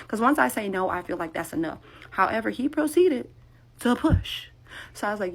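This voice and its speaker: A woman telling a sarcastic, animated story straight to the camera in a casual monologue. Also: mid-range voice, normal speed, vocal fry.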